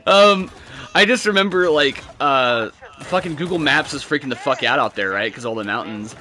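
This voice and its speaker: Bright-voiced rambling young gamer guy. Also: medium pitch, moderate pace. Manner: rambling, profane storytelling with laughs. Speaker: gamer chatting with friends. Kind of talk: casual gaming chat.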